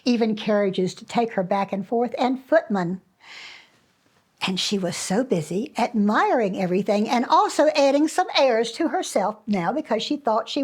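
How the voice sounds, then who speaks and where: A woman with a fairly high voice tells children a fairy tale, full of animation and expression and broken up by dramatic pauses.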